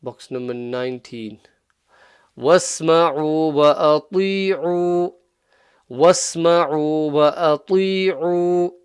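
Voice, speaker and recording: A man teaching Quranic pronunciation in a relaxed tutorial, patiently repeating sounds slowly. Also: medium pitch, clear, resonant tone, no echo, studio quality. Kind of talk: relaxed tutorial, modelling Arabic phrases slowly.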